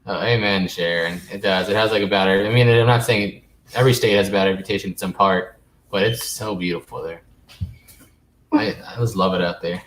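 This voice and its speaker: A man's voice: deep voice, brisk, a bit bright. A man hosting a casual live stream, rambling along and reading viewer comments aloud. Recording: echoey room with faint noise.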